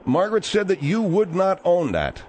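Radio host guy, halting and soothing, lots of uhs. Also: high voice, wildly swooping pitch, a little mellow, a little hiss or hum. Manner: halting, placating, many fillers. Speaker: radio talk show host. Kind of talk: call-in radio chat.

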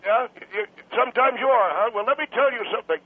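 A man in his eighties calling in to a radio show, hoarse and losing his voice, combative and indignant. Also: very high voice, fast. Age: 80s. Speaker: radio caller. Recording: tinny phone line.

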